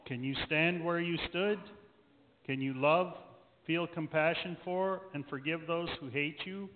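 A woman voicing a hushed, patient divine voice. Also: unhurried. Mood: gently probing. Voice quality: soft and hushed, lower than her own voice. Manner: kind, probing questions. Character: gentle unseen divine voice directing a play, ageless, patient. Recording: echoey church over a tinny line.

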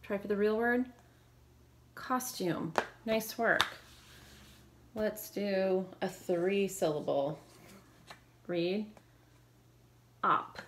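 A woman teacher leading a phonics lesson, calling out brisk drill prompts and giving quick praise. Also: mid-range voice, background noise.

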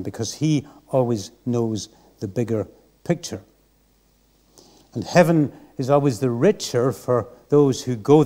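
A mellow-toned man, preaching from the pulpit of a church. He talks in an earnest, reflective, unhurried way. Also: mid-range voice. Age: 60s. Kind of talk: sermon.

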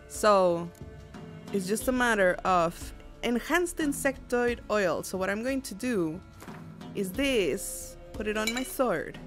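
A woman streaming a game, chatting with viewers and squealing when enemies attack. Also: mid-range voice. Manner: chatty, giggly, reading chat aloud; bursts into squeals and shouts at enemies. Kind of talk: casual gameplay commentary. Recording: music playing behind.

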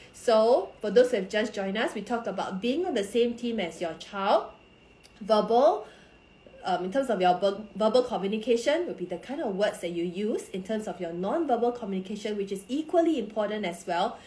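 A woman with a mid-range voice talks parents through advice in a calm, explanatory way. She speaks straight to her live-stream viewers, and the room around her rings with echo. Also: medium pitch. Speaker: parenting coach. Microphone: phone or computer for a social media live stream. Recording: echoey room.

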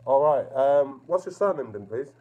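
A man's voice: medium pitch, animated, moderate pace, muffled recording. A man calling the police on the phone, insistent and repeating himself with polite fillers. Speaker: caller. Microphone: phone call recorded.

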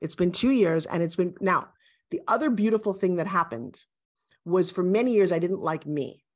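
A woman in her sixties, a guest, talking in an emphatic, animated and self-assured way in a motivational interview. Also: fairly low pitch, normal speed. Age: 60s.

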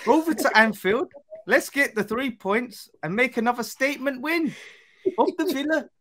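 A man's voice: very high-pitched, normal speed, a bit bright, voice pushed up. A man mimicking a cocky football fan's accent. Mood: boastful. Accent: muddled Northern-Midlands English impression. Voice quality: exaggerated, sing-song put-on accent. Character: mock-confident male football fan, boastful.

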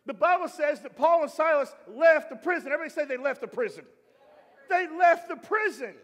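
A man preaching a sermon as pastor, animated, swinging from shouting to quiet asides. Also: very high-pitched, fairly quick, long reverb tail. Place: church sanctuary.

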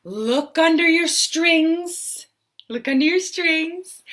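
A woman's voice: very high-pitched, takes it slowly, a bit bright. A woman hosting a live-stream story time for preschoolers, with a sing-song, exaggerated way of talking to small children. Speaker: children's entertainer host.

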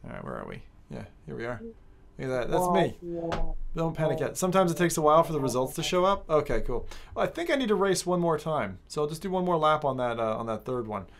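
A woman streaming a racing game, chatting casually with her viewers in an excitable, joking way, swearing often. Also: sits low, quick pace. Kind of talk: casual live-stream chat while gaming.

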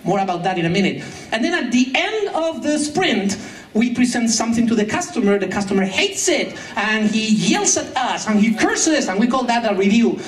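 A woman's voice: a little high, very animated, moderate pace, a little hiss or hum. Sarcastic woman speaking at a conference. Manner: sarcastic, laughs often. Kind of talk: humorous conference talk. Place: conference hall with translation booth. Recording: echoey hall, mic at a distance.

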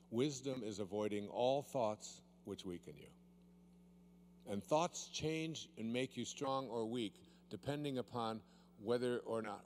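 A man with a fairly low, slightly mellow voice leads a seminar demonstration, teasing his volunteer and drawing out key words with playful relish. The audience is live, the volunteer holds the handheld mic, and there's slight background noise.

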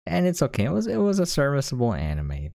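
A man's voice: medium pitch, wildly swooping pitch, fast talker, creaky, darkish tone, no echo, studio quality. A man giving a casual, sarcastic and exasperated rant as an anime reviewer.

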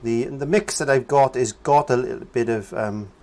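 A man's voice: medium pitch, normal speed, a little mellow. A man giving a casual painting lesson, chatting as he works and humming nonsense syllables while he paints. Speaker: painting teacher.

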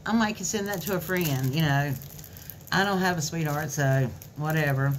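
Brief: low-voiced woman vlogger, gushy and folksy, soft packaging crinkle behind her. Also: moderate pace, a little hiss or hum. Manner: gushing, chatty and folksy. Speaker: craft vlogger. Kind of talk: casual haul video chat. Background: faint crinkling of plastic packaging.

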